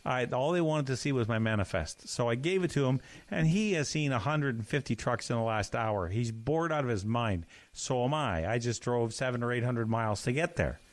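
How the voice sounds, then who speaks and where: Folksy storytelling podcast co-host. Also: male voice, mid-range voice, expressive, moderate pace, few pauses, dry recording. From Canada. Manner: folksy storyteller, jumps into put-on voices. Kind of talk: casual chat.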